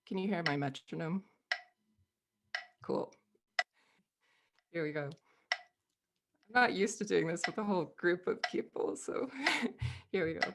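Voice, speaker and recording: An American woman with a slightly low voice runs a music workshop over a video call. She is friendly and chuckles often between explanations. She counts rhythm syllables aloud to demonstrate. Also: a little slow, pauses often, background noise. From United States. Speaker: music teacher presenting a workshop. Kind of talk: online workshop teaching.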